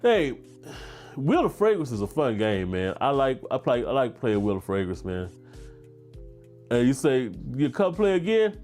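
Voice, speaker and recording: A man's voice: medium pitch, sing-song, unhurried, long pauses, darkish tone, faint music behind. A middle-aged man from Baton Rouge with a Louisiana accent, hosting a casual fragrance livestream. He talks in a laid-back, chatty way and reads comments from the chat aloud.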